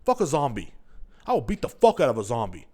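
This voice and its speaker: Young male podcast host from Texas, profane rambling ranter, lively pitch swings. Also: fast talker, slightly rough. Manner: profane, rambling, animated ranting. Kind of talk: casual solo rant.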